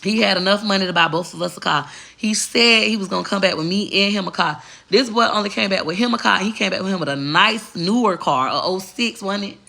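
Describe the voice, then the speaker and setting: A woman's voice: mid-range voice, brisk, gravelly, sharp tone. A woman vlogger telling a personal story in a candid, blunt and profane way. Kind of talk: casual storytelling to camera.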